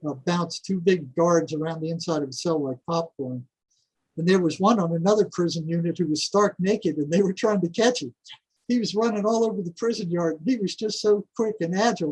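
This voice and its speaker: An older man, a podcast guest, telling stories in a casual, animated way, often repeating words and chuckling. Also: high-pitched, breathy edge, rough recording. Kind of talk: casual storytelling.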